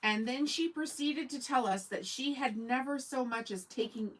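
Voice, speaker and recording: A woman's voice: sits high, normal speed, a bit bright, rough recording. A woman from Canada, hosting a casual sewing livestream, chatting in a rambling way and answering viewers' comments. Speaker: sewing channel host.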